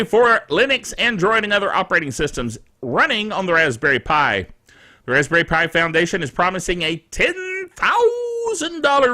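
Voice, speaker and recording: A man hosting a casual tech news show, reading the week's stories with jokey asides and chuckling at himself. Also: on the high side. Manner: animated, jokey, chuckles at his own asides.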